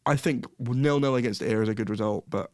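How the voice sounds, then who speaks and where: A man's voice: medium pitch, fairly quick, darkish tone, no echo, clean studio sound. A man co-hosting a podcast, chatting casually about football, laughing often and correcting himself. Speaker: podcast co-host.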